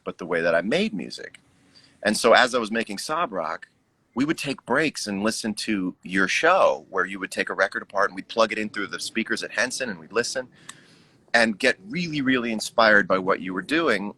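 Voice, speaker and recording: Bright-voiced musing man on a video call. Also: on the low side, no room sound. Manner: musing, acts out his own inner remarks. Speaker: musician guest. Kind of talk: casual conversation on a live stream.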